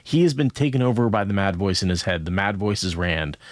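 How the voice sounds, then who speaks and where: A man's voice: lowish voice, lively intonation, a little fast, no echo, clean studio sound. A man co-hosting a podcast, talking through a book in a casual, rambling way, checking in with "right?" as he goes. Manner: thoughtful, rambling with many "right?" asides. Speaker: podcast co-host.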